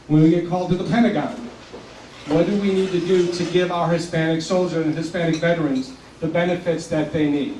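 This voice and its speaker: An older man in his seventies from South Texas gives an earnest, passionate speech in a fairly high voice. He sounds set back from the mic in an echoey hall, with faint room noise behind him. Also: steady tone, fairly quick, darkish tone, recorded from a distance. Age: 70s. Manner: earnest and passionate, at times choked up with emotion. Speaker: community organization leader giving a speech. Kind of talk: public speech.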